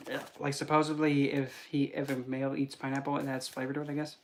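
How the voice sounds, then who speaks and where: Talking quickly in a medium-pitched voice, a young spiritual reader rambles through animated stories full of filler words during a casual livestream, with slight background noise in the audio.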